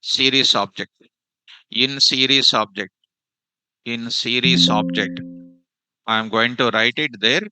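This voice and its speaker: A man's voice: mid-range voice, slow, pauses often, over music, poor audio. A man teaching a live programming class, repeating phrases and quizzing his students with "what?" prompts.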